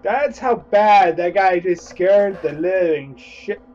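A high-pitched man speaks slowly, and the recording has its highs cut off. Playing a horror game for let's-play commentary, he's jumpy, letting out loud yelps and swearing often.

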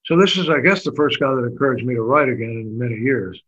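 An older man, a guest in a casual interview, tells his stories in a rambling, deadpan humorous way. His voice sits in an ordinary middle pitch. The audio is a little dull and lo-fi. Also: quick pace, slight background noise. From Texas. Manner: rambling, dry humorous storytelling. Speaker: guest musician and storyteller.

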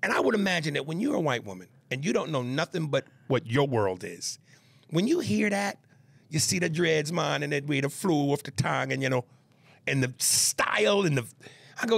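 A middle-aged man with a gravelly, husky voice who co-hosts a podcast, joking loudly and crudely. His pitch swings widely as he talks. He is recorded close on a dry studio mic. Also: big pitch swings, normal speed, no echo. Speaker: podcast co-host. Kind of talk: casual chat.

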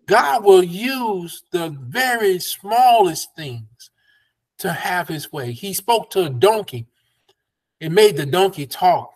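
A man's voice: high voice, expressive, takes it slowly. A man, a pastor teaching a Bible study over a video call in a folksy, preacherly way. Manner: preacherly, folksy, laughs between points.

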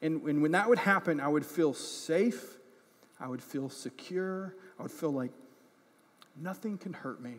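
A man's voice: fairly high pitch, a little slow. A man preaching a sermon as pastor, impassioned and earnest, often repeating words as he builds a point. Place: church. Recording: echoey church hall.

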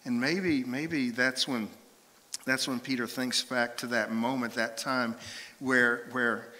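Bright-voiced pastor preaching in a hall. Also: male voice, mid-range voice, slow pace. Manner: animated storytelling, acts out voices and quotes. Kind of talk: sermon. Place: church sanctuary.

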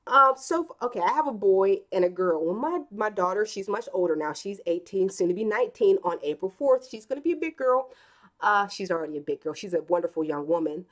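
A woman in her thirties chats her way through a live stream. She tells family stories and acts out the quotes. Her voice sits at an everyday middle pitch. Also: lively intonation, a little fast. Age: 30s. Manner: chatty, storytelling with acted quotes. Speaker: live-stream host reading chat. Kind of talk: casual live-stream chat.

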